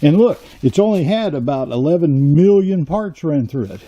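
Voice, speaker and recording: A middle-aged man with a Texas accent, hosting a vlog and jokingly pitching a run-down warehouse as a workshop. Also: animated, moderate pace, mellow, lo-fi sound. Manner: teasing, mock sales pitch. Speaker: woodworking channel host.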